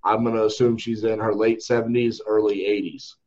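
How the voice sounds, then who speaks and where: A man's voice: fairly low pitch, flat delivery, fairly quick, darkish tone, muffled recording. A man, a company CEO, telling a story in casual podcast chat, candidly, and often tagging his sentences with "right?". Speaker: company CEO and home buyer.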